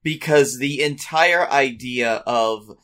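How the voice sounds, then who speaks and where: A man's voice: medium pitch, slow, a bit bright. A man co-hosting a podcast, talking in an easygoing, slightly hesitant way. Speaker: podcast co-host. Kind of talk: casual chat.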